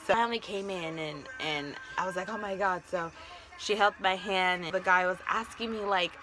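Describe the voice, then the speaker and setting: A woman's voice: lowish voice, brisk, sharp tone, slight background noise. A young adult woman vlogger telling a personal story to camera in a casual, chatty way, full of "like" fillers.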